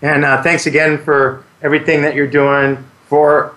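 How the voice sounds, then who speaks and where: A man's voice: a little high, little pitch movement, normal speed, pushed and bright, roomy sound. A man co-hosting a casual radio talk show, telling a laughing story and acting out the quoted dialogue. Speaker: co-host.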